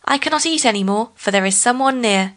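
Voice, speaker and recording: Woman voices a crafty male spider trickster, storybook, pitched up and sly. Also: lively intonation, fairly quick, fairly bright tone. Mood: wary. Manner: wheedling, crafty.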